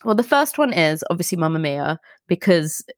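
Giggly, animated British woman on a podcast. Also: fairly low pitch, normal speed, no echo, clean studio sound. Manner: animated, giggly, jumps between thoughts. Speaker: podcast guest. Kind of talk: casual chat.

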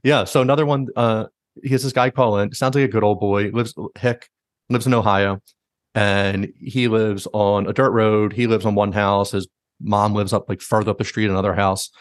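A lowish-voiced man hosts a podcast at normal speed, telling stories animatedly in easygoing chat and saying "like" again and again. The recording is dry with clean studio sound.

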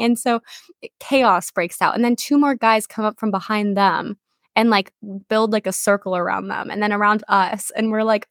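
A woman's voice: on the high side, moderate pace, fairly bright tone, no room sound, clean studio sound. A young woman co-hosting a podcast, telling a story in a chatty way with lots of fillers. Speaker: podcast co-host. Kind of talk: casual chat.

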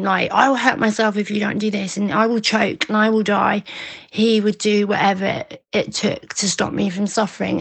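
Fierce-talking woman with a gravelly voice. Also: medium pitch. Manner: emphatic, fierce, with restarts. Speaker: guest; recovery coach. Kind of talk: candid interview answers.

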